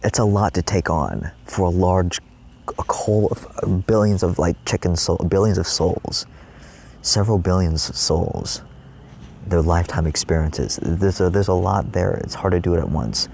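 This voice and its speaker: Low gravelly-voiced man rambling. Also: darkish tone. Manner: rambling, swearing, quick reenactments of his own cries. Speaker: spiritual vlogger. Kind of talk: rambling spiritual monologue. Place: his trailer.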